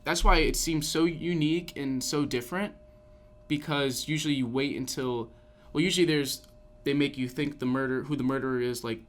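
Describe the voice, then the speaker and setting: A man's voice: medium pitch, steady tone, moderate pace. A man co-hosting a podcast, chatting casually about films in long, rambling sentences full of restarts. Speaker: podcast co-host. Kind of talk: casual chat.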